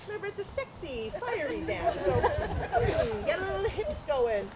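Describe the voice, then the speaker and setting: A woman's voice: extremely high pitch, wildly swooping pitch, normal speed, a crowd in the background, background noise. A woman teaching a flamenco dance class, energetically counting beats aloud and mixing in Spanish counts. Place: dance class, community TV broadcast.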